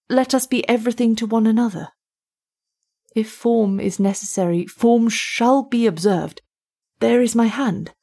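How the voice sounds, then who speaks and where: This is a fervent young male student in a spoken storybook, put on by a woman narrator. He argues and pleads in earnest tones, with the voice lifted a little above her usual pitch. A breathy, husky grain runs through every line. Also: dark tone. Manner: earnest, pleading, turns to frantic shrieks.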